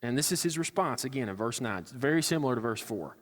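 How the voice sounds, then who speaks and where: A man's voice: medium pitch, lively intonation, quick pace, big-room sound. A man preaching a sermon as a pastor, talking in a casual way and acting out quoted lines with sarcasm. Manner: conversational, acts out quotes with sarcasm. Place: church sanctuary.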